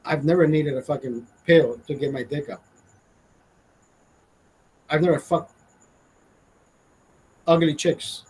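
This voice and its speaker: Man in his 40s, Honduran accent, husky voice, fairly high pitch, profane and indignant. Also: slow pace, pauses often, a little mellow, low-quality recording. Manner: profane, blunt, indignant ranting. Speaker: vlogger. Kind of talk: casual ranting monologue.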